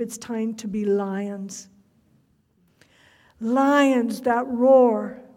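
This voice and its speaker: Woman, preacher, fervent sermon, high voice, reverberant hall. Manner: fervent, rising to loud cries on quotes.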